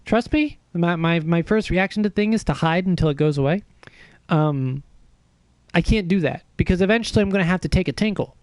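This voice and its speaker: A man streaming a game, telling a story in a casual, animated, self-mocking way with swearing. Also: high-pitched, clear, resonant tone, no room sound.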